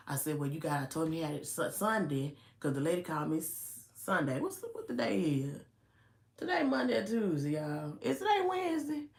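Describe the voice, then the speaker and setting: A woman's voice: sits low, vocal fry. Chatty woman vlogger in echoey room. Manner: animated, chatty, fussing with lots of "honey" and "y'all". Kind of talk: casual storytelling to camera.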